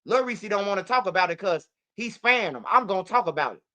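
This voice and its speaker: Woman ranting on her stream, bright sharp voice, cusses a lot and repeats herself. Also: mid-range voice, fast talker. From Chicago. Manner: profane, repetitive, animated storytelling. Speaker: channel host. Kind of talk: casual livestream commentary.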